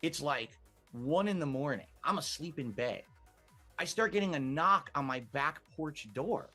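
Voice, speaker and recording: A man as an interview guest, telling a story in an animated, exasperated way and acting out what people said. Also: on the high side, normal speed, faint music behind. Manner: animated, acts out quotes, exasperated.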